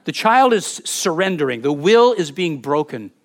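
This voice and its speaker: A male pastor preaching a sermon in an emphatic, expressive way, reading scripture aloud to his congregation. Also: a little high, moderate pace.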